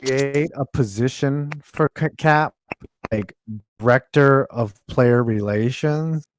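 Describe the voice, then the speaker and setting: A man's voice: mid-range voice, slow. Joking, profane male podcast co-host. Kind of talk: casual chat.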